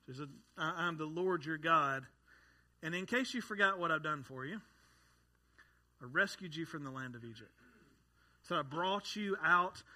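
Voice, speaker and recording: A man's voice: sits high, sharp tone. A man in his thirties preaching a sermon to a congregation, conversational, with joking asides. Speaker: pastor.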